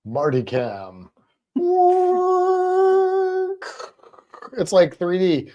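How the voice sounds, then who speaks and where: A woman's voice: rumbling low, animated, moderate pace, dark tone, dull audio. A woman co-hosting a casual livestream, playful and chatty, making silly noises and baby talk to a pet. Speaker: livestream co-host.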